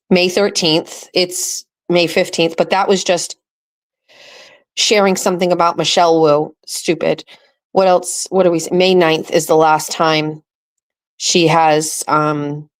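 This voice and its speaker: A woman hosting her own show, ranting angrily and with profanity about a political campaign from a home setup. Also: on the low side. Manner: angry, profane, heated ranting. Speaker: host.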